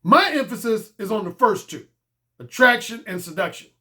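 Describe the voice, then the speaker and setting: A man's voice: high voice, lively intonation, normal speed, sharp tone. A middle-aged man giving a blunt, emphatic solo commentary as a dating coach, repeating his points for stress.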